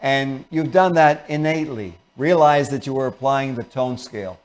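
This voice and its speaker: A man's voice: medium pitch, normal speed. A man hosting a talk show, explaining ideas and acting out short example conversations in different voices. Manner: explains with acted-out example dialogues. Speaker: show host.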